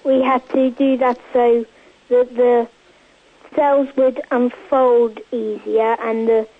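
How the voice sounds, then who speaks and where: High-ish female reporter phoning in, clipped replies, tinny line. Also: flat delivery, slow. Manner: terse short answers. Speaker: radio reporter on a school visit.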